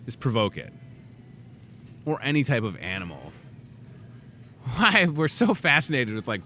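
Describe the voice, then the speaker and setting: A man's voice: medium pitch, a little hiss or hum. A man in his thirties hosting a live in-store talk show, joking and rambling through asides. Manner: animated, jokey, rambling asides. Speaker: host. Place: grocery store set.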